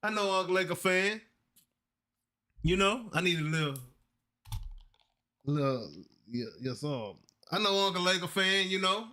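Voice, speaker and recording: Bright, high-voiced sports host. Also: male voice, a little slow, pauses often. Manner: excited, emphatic, folksy. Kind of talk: casual sports talk.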